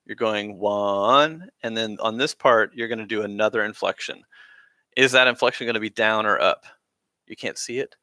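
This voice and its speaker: A man's voice: on the low side, fairly even intonation, fairly quick, sharp tone, no echo, clean studio sound. A man teaching a band class on a live stream, talking casually with lots of fillers as he explains rhythms. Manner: casual, rambling, frequent fillers. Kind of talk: live-streamed music lesson.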